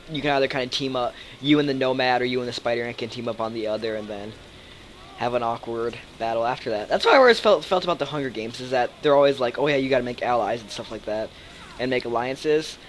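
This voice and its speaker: A young man talking over his own gameplay at a desk mic, rambling from thought to thought with plenty of ums and casual swearing. His voice sits at an ordinary middle pitch. A faint hiss runs under the recording. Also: fast talker, low-quality recording. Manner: rambling, profane, thinks aloud with many fillers. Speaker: let's play commentator. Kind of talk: live gameplay commentary.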